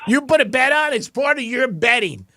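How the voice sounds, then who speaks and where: A man hosting a talk radio show in the studio, joking and getting excited, laughing often. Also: extremely high pitch, moderate pace, no echo. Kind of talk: casual talk radio banter. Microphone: studio microphone.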